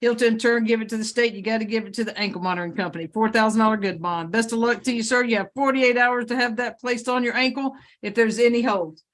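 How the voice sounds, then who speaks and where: A woman judge runs through pre-trial cases briskly. Her voice sits a little high, and her manner is businesslike with the odd joke. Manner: brisk, businesslike, joking asides. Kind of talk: court hearing proceedings.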